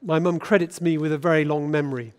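A British bishop delivers a sermon in a church, his voice sitting high for a man. He speaks in an easy, conversational way, often turning to ask his listeners questions. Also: fairly even intonation, fast. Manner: conversational, asks the congregation questions. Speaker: bishop preaching.

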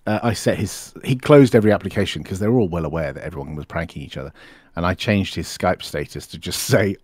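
A man's voice: on the low side, a little mellow, no echo, clean studio sound. A man telling office prank stories in casual chat, laughing along as he goes. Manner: laughs through anecdotes. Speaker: stream co-host.

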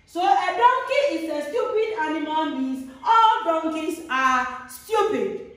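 A woman teaching a grammar lesson, repeating each example slowly with a sing-song lilt. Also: very high-pitched. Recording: very echoey room, voice far from mic.

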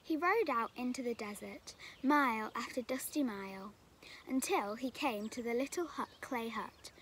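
A woman reading a story aloud for children at a church kids' group, expressive, sometimes dropping to a whisper. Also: on the high side, moderate pace, a little hiss or hum.

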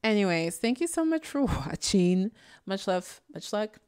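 A woman's voice: medium pitch, very animated, a little slow, a little mellow, smooth. A woman hosting a casual commentary video, chatting in a sassy way and laughing often. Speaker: YouTube commentary host. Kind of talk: casual chat.

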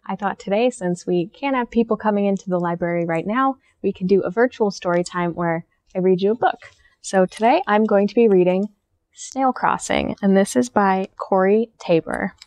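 A young woman who works as a children's librarian, reading a picture book aloud to children. Her narration is gentle and friendly, like a teacher's, and her voice sits at a medium pitch. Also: moderate pace, dry recording. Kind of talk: storytime read-aloud for children.

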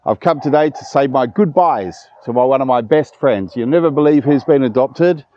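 A man in his fifties vlogs casually to camera outdoors at a dog kennel, chatty, emotional and warm-hearted. His mid-range voice is animated at a normal speed. The recording has no room sound and is muffled.

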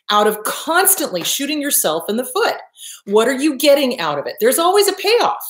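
A woman's voice: medium pitch, reverberant. A woman therapist hosting a self-help talk, blunt and emphatic, swearing freely and repeating her points for effect. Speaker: therapist and host.

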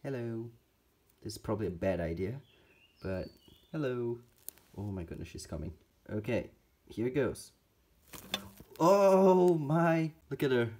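A man's voice: lowish voice, lively intonation, normal speed, long pauses, mellow, slightly rough. A man narrating a casual pet-keeping vlog, chatty and teasing his spiders as he feeds them. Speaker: reptile and spider keeper vlogger.

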